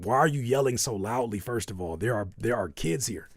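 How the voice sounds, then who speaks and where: A man's voice: medium pitch, animated, a little fast, hardly any pauses, a little mellow, no room sound, clean studio sound. A man hosting a live music feedback stream, giving frank, profane advice and playing up joking mock outrage at the chat. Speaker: host reviewing music live.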